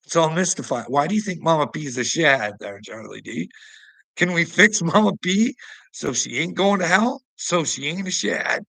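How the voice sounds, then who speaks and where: A man delivering a preachy, taunting rant at a rival, laughing mockingly, swearing, and swinging between loud outbursts and low mutters. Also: expressive, moderate pace, vocal fry, no echo, rough recording. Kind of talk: ranting monologue to a rival streamer.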